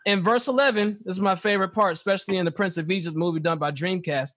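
Man, high-pitched, animated, casual Bible talk, reads verses slowly. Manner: animated, reads scripture slowly, acts out dialogue. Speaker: podcast co-host teaching scripture.

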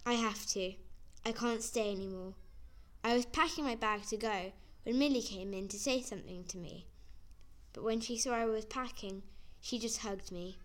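A woman's voice: fairly high pitch, normal speed. A woman reading a first-person story aloud in an earnest, plain way. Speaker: narrator.

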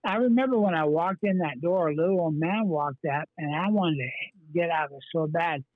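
A man's voice: a little high, a little fast, no room sound. A man, a pastor, earnestly telling his life story in an interview, rambling with many fillers and restarts. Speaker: pastor, guest. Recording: tinny phone-line sound.

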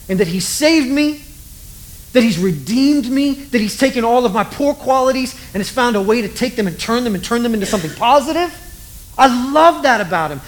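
In a conversational sermon, a preacher retells a scripture story with humor and pokes fun at their own faith, telling it in a self-deprecating, storytelling way. The voice is medium-pitched, and the recording is rough.

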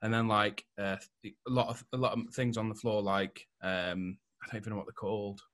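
A man's voice: on the low side, level tone, brisk, fairly bright tone, no room sound, studio quality. A man hosting a podcast in casual chat, rambling, laughing often and swearing freely. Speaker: podcast host.

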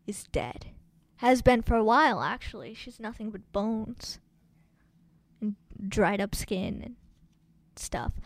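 Co-host, woman, high voice, slow unhurried delivery, chatty film recap. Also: no room sound. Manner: chatty, animated storytelling. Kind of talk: casual film recap chat.

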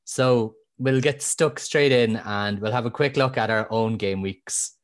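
A man with a flat Kildare Irish accent hosting a casual podcast, teasing his guests in a put-on radio voice. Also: medium pitch, a little slow. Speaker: podcast host.

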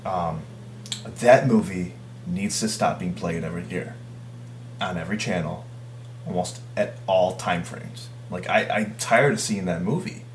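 In a casual chat, a man with a very low voice offers blunt opinions at an unhurried pace. The room is echoey and rings around him, with a faint hum underneath.

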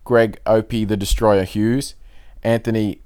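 A man hosting a solo comedy podcast, rambling and self-mocking in a deadpan way. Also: fairly low pitch, unhurried, clean tone. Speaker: podcast host. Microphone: podcast mic.

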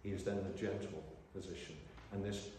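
An older man preaching a sermon at a convention, alternating between loud, impassioned declarations and quiet reflective passages. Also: low-pitched, steady tone, brisk, slight background noise. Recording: echoey hall, heard from far off.

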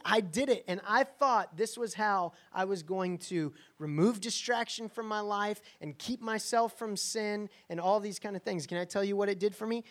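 A man's voice: high-pitched, moderate pace, few pauses, a bit bright. A man preaching a sermon in a conversational, emphatic way, often checking in with the listeners. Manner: emphatic, conversational, frequent "right?" asides. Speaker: pastor.

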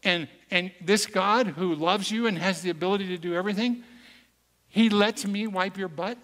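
A man's voice: high voice, normal speed, a bit bright, voice pushed up. A man voicing a smug, skeptical male caregiver who asks mocking, probing questions, heard in an echoey hall. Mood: smug, needling.

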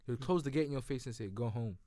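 A young man, telling a school story in a low-key, mumbled way. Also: quick pace, dark tone, dry recording, clean studio sound. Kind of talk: casual chat.

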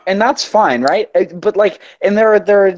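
Animated young man telling a story. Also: high voice, moderate pace, dull audio. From Canada. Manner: animated, swearing, mimics customers. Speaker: friend in group chat. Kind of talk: casual chat, storytelling.

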